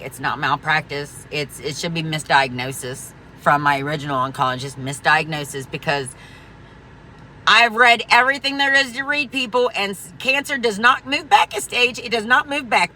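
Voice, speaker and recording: A woman's voice: mid-range voice, sharp tone, a little hiss or hum. A woman vlogging an angry, profane rant, emphatic and rambling, full of restarts. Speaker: veteran vlogger.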